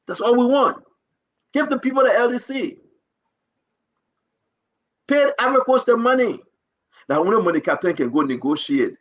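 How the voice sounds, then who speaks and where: A man's voice: very high voice, lively intonation, moderate pace, pauses often, a bit bright, muffled recording. A man with a Liberian English accent, hosting a live talk show and pleading his case with passion and repetition.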